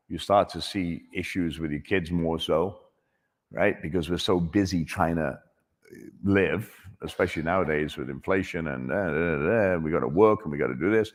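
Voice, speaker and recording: A man working as a chef, joking with and encouraging audience members in a casual, animated way. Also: a bass voice. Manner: jokey and encouraging, with restarts. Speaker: chef answering audience questions. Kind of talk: casual, animated conversational talk. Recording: echoey hall.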